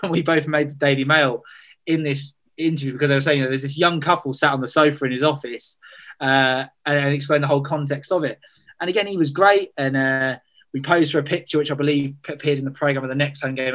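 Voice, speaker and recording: A man's voice: mid-range voice, fairly bright tone. A man, telling a story in casual chat, self-deprecating, full of fillers and restarts.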